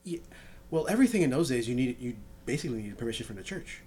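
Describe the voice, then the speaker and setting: A man's voice: mid-range voice, very animated, fast, a little mellow. A man in a casual book discussion, explaining history at length, often restarting his sentences. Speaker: book club member.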